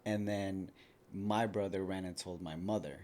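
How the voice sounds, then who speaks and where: A man's voice: low-pitched, fairly even intonation, a little slow, darkish tone, slight background noise. A man in his thirties, a podcast guest telling his own story frankly in a casual, conversational way. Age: 30s. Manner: frank, conversational, lots of "like" fillers. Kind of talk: candid personal storytelling.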